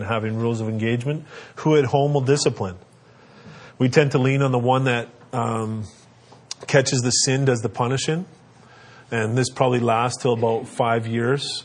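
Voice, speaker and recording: A man's voice: mid-range voice, breathy edge. A middle-aged man giving earnest, conversational parenting advice with frequent fillers. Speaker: parenting speaker. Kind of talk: instructional talk.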